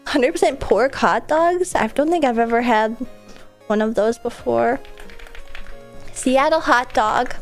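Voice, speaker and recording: Woman streamer, fairly high voice, stuffy congested nose, rambling casual chat, faint music behind. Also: slow, pauses often. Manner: rambling, filler-heavy, frequent laughs.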